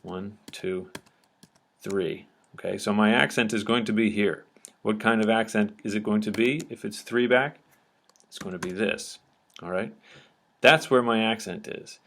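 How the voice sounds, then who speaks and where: Man, teacher, lowish voice, patient step-by-step explanation, lecture style. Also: unhurried, vocal fry, a bit bright. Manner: patient, checks understanding often with "okay?".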